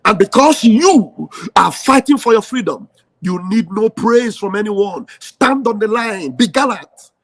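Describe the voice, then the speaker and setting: A man with a Nigerian accent delivers a fiery, rallying speech. His voice sits high for a man. He hammers his points home, repeating phrases for emphasis. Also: lively intonation, a little slow, a bit bright. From southeastern Nigeria. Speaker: activist.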